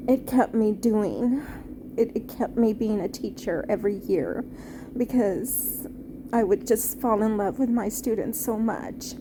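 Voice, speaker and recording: A woman and former teacher reviewing a film off the cuff, halting and heartfelt, with many fillers and restarts. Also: medium pitch, background noise. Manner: tender, heartfelt.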